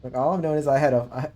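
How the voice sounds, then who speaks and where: A man's voice: a little high, warm tone. A man streaming a game, chatting casually and laid-back, often chuckling and trailing into fillers. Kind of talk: casual livestream chat while gaming.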